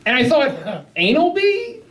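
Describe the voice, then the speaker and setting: A man's voice: very high voice, wildly swooping pitch, slow pace. A young man doing a rambling, self-deprecating stand-up set, swearing often and undercutting his own jokes. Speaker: stand-up comedian. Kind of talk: open-mic stand-up set. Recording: live club mic, heard from a distance with audience. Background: crowd laughter.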